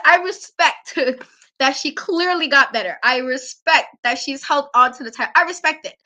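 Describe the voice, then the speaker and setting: A woman's voice: high voice, bright, forceful tone. A woman hosting a wrestling talk show, giving casual, opinionated commentary in an emphatic, ranting way and laughing often.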